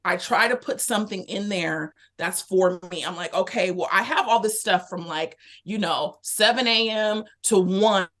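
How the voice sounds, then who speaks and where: A woman, a podcast guest, telling a personal story in a candid, animated way, acting out her own thoughts as she goes. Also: medium pitch, normal speed, few pauses. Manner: animated, candid, lively retelling with quoted inner thoughts. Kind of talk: casual conversational storytelling.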